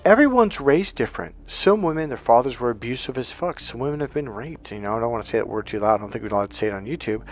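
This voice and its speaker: A man's voice: medium pitch, racing, few pauses, soft background music. A man who coaches men on dating, talking casually to his viewers, swearing freely and acting out the people in his stories. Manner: profane, animated storyteller acting out quotes. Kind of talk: casual lecture to camera.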